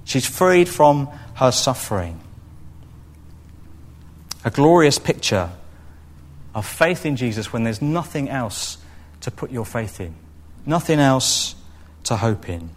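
Male preacher, expressive sermon delivery, middle-range voice. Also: medium pitch, takes it slowly, long pauses. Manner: expressive, acts out quoted voices.

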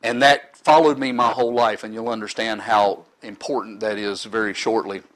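A man's voice: on the low side, steady tone, moderate pace, a bit bright, rough recording. A middle-aged man in ministry giving an earnest, sometimes emotional personal testimony to a live audience.

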